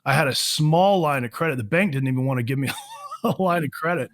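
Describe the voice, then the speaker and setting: A man in his fifties, a trial lawyer guest on a podcast, telling his career story in a relaxed, self-deprecating way with many fillers and restarts. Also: fairly high pitch, brisk. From Florida.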